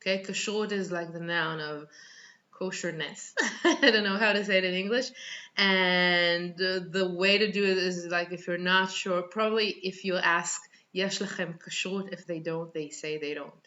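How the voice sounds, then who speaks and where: Give me an Israeli woman teaching Hebrew, bright and lo-fi. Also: on the low side, fairly even intonation, moderate pace. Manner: laughs often, explains step by step. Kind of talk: reaction video lesson.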